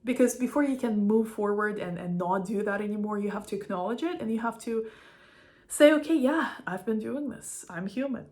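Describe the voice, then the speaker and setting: A woman's voice: fairly high pitch, normal speed, a little mellow. A young woman speaking an unscripted, heartfelt spiritual monologue to her viewers, rambling and full of "like" fillers. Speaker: spiritual vlogger.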